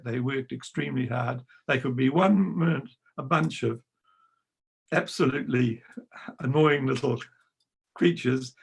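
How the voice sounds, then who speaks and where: An older man, a retired choir director, telling lively anecdotes over a video call and acting out the voices he quotes. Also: medium pitch, creaky, breathy edge. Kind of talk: storytelling talk.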